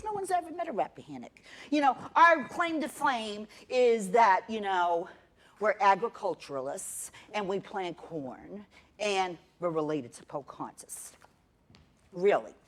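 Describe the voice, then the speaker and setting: Middle-aged woman, stage storyteller, sardonic and salty, animated delivery with wide pitch swings. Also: a little hiss or hum. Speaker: solo performer. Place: theater stage.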